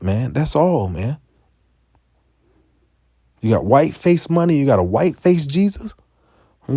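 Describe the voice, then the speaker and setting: In a creaky, mid-range voice with no room sound, a man delivers a profane, impassioned street-preaching rant. He stammers and restarts, then suddenly rises almost to a shout.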